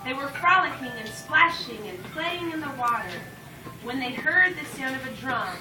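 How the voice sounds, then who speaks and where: A woman with a fairly high voice tells a folk tale to a live audience, lively and expressive, bursting into shouts for the story's commands. She sounds distant from the mic in a roomy, echoing space, with loud music playing underneath. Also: moderate pace.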